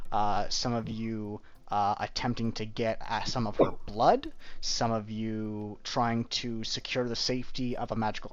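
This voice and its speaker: A man narrating a tabletop game as game master, casually and haltingly, with many fillers. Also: on the low side, dry recording. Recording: dull lo-fi stream audio.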